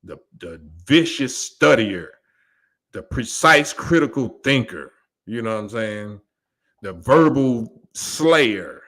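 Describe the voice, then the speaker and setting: Male host with AAVE, low-pitched, animated and combative on a casual livestream. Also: measured pace. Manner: animated, argumentative, laughs often, rhetorical questions.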